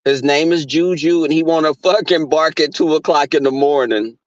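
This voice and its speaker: Crude, animated man streaming. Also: a little high, normal speed, no room sound, muffled recording. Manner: crude, animated, frequent laughs and swearing. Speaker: live streamer. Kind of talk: profane casual storytelling to live viewers. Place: at his workplace.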